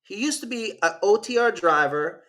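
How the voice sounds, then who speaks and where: A man's voice: high voice, animated, moderate pace, sharp tone. A man from Jamaica with a Jamaican accent, hosting a casual livestream in a rambling, slangy way and reacting to his live chat. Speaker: channel host.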